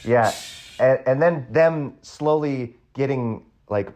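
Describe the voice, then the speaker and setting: A man in a casual movie chat, laying out his points in long, steady run-on sentences. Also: medium pitch, takes it slowly. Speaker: podcast panelist.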